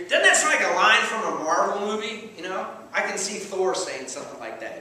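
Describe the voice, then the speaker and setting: A man's voice: high voice, sing-song, brisk, hardly any pauses, bright, forceful tone, a little hiss or hum. A man preaching a sermon as pastor, conversational and playful, often checking in with the congregation. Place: church sanctuary. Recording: echoey church hall, mic at a distance.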